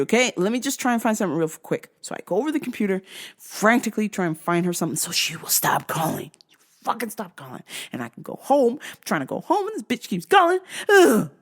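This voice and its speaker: A woman hosting a vlog, telling stories in an animated, profane and exasperated way. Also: mid-range voice, fast. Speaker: host.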